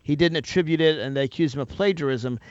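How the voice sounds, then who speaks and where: A man hosting a political call-in radio show, brisk and insistent, cutting in to make his point. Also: on the high side, darkish tone, no echo, highs cut off. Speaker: radio talk show host.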